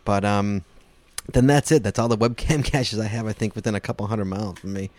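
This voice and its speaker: A man's voice: on the low side, steady tone, brisk, darkish tone, no echo. A man hosting a casual podcast, joking and laughing often with his co-host. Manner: jokey, laughs a lot, exclaims.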